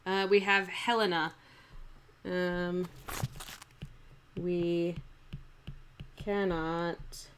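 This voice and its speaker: Unhurried woman explaining verse. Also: on the low side, little pitch movement, slight background noise. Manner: unhurried, explanatory, with fillers and restarts. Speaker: acting teacher. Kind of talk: live-streamed verse lesson.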